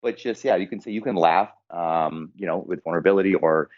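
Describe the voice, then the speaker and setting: Very deep-voiced laid-back man, muffled. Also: brisk. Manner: laid-back, rambling, casual slang. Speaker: podcast panelist. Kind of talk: casual podcast chat.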